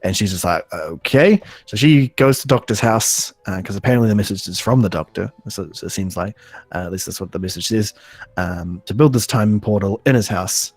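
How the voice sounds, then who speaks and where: Rambling low-voiced podcast host. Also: male voice, darkish tone, dry recording. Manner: rambling, halting, full of ums and restarts, laughs often. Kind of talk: casual podcast recap.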